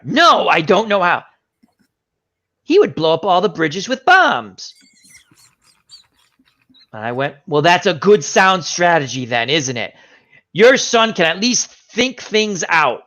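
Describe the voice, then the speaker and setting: A man's voice: on the high side, a little slow, long pauses. A man hosting a casual live chat, telling a long story and acting out the other people's lines. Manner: animated storytelling, acts out quotes. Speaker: show host. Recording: dull lo-fi stream audio.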